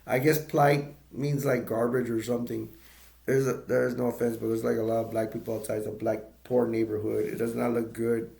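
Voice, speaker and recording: A man recapping a film in a loose, rambling way, stopping often to restart his sentences. His voice sits mid-range in pitch and has a gravelly fry. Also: mellow, roomy sound. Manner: rambling, with many restarts and chuckles. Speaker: movie reviewer. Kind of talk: casual plot retelling.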